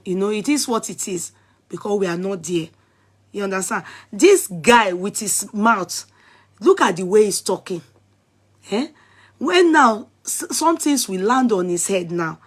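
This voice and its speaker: Nigerian woman vlogger, husky, animated and scolding, casual commentary. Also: mid-range voice.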